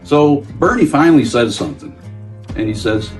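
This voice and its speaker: A man's voice: mid-range voice, animated, moderate pace, a little mellow, natural voice. A man voicing an easygoing, dimension-hopping male storyteller telling a comic anecdote. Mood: amused. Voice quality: easygoing, chatty storyteller, playful. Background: faint guitar music.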